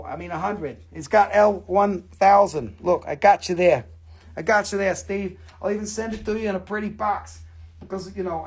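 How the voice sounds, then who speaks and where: A man's voice: high voice, husky. A man selling rocks on a live stream, talking nonstop in a rambling, joking, profane way. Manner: rambling, jokey, profane, self-described nonstop talker. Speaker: rock shop seller on a live sales stream. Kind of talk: live-stream sales chat.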